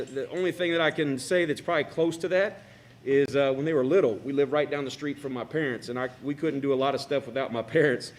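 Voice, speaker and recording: Middle-aged man, halting and emotional, everyday mid-pitch voice. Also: a little hiss or hum. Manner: halting, choked up. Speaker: parent giving a speech. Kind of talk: emotional tribute speech. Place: school cafeteria.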